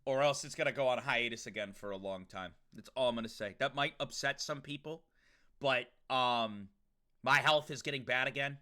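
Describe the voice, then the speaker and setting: A man's voice: medium pitch, moderate pace, bright, forceful tone. A young man streaming, chatting casually and profanely with his viewers, joking loosely between rambles. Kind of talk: casual livestream chat to viewers.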